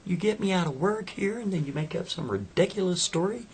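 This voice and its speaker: A man voicing a skeptical, devout young woman in a spoken story, her tone incredulous and rising to shrill. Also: expressive, brisk, slight background noise.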